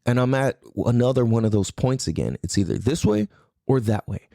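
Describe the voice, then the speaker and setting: A man's voice: mid-range voice, animated, a little fast, vocal fry, dark tone, no echo, clean studio sound. A man from California with kids, hosting his own podcast and rambling through a casual solo talk full of swearing and fillers. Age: adult parent. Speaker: podcast host.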